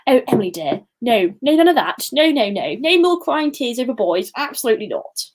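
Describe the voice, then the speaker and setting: A woman's voice: a little high, big pitch swings, brisk. A woman putting on a fussy, plummy older British father figure, in the style of a politician impression. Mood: scolding.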